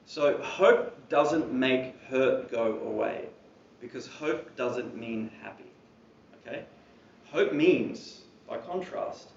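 A man's voice: mid-range voice, gravelly, a little hiss or hum. A man preaching a sermon in a church hall, talking in a conversational way with casual asides. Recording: roomy, distant and dull-sounding.

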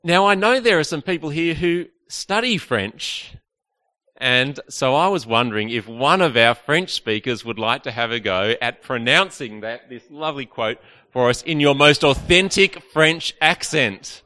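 A man leads an evening church talk in a loose, chatty way, teasing his listeners and filling gaps with ums. His voice is bright and forceful, sitting at a middling pitch. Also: expressive, unhurried. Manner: chatty and playful with the audience, many fillers. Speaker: preacher.

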